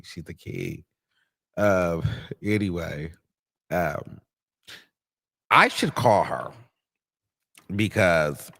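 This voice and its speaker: A man hosting a casual livestream, sassy and quick to laugh, calling people "girl". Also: deep voice, gravelly, fairly bright tone. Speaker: livestream host.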